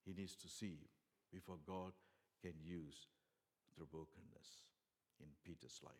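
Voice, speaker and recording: A man preaching a sermon, earnest, with many fillers and restarts, dropping soft and then rising loud for emphasis. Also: low-pitched, steady tone, a little slow.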